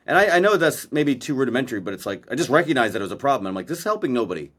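A man's voice: mid-range voice, big pitch swings, racing, fairly bright tone. A man co-hosting a podcast in casual chat, blunt and profane, a self-described verbal processor talking over a video call. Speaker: podcast co-host. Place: Maui.

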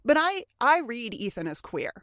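A woman co-hosting a podcast in casual chat, animated, swearing casually and acting out quoted lines. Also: a little high, normal speed, dry recording, studio quality. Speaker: podcast co-host. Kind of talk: casual chat about a TV show.

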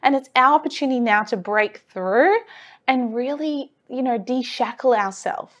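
A woman's voice: fairly high pitch, normal speed, lo-fi sound. Earnest woman coaching on self-worth. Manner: earnest, encouraging, with rhetorical repetition. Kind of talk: motivational monologue.

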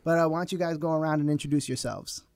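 A man hosting a casual podcast, his voice sitting a bit high for a man and sounding dry and close. He talks in an easygoing, joking way and laughs often. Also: steady tone, quick pace, a little mellow, dry recording. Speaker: podcast host. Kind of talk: casual chat. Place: small crowded studio.

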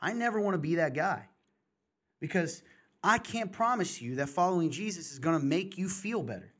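A man's voice: high voice, animated, normal speed, fairly bright tone. A middle-aged man hosting a podcast, talking candidly and passionately in casual chat, in bursts and restarts. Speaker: podcast host.

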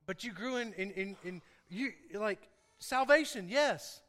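A man's voice: sits high, moderate pace, fairly bright tone. A man preaching a sermon, playful and chatty with his congregation, laughing often. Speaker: pastor. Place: church sanctuary. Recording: echoey hall.

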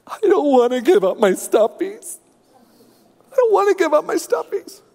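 Male pastor voicing a whiny toddler girl: shrill, stubborn, tearful, long reverb. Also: big pitch swings, moderate pace, creaky, darkish tone, full character voice. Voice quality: high wailing, tearful. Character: whiny three-year-old girl, stubborn.

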